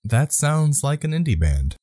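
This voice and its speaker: Very animated man on a podcast. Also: a little high, a little slow. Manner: laughs a lot, blurts and swears. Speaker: podcast co-host. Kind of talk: casual podcast chat.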